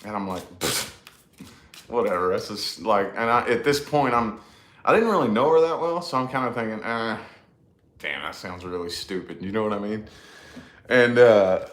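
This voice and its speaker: A man's voice: lowish voice, a bit bright, roomy sound. A man casually telling a personal story in a rambling, emphatic way, with lots of swearing and repeated phrases. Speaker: podcast co-host.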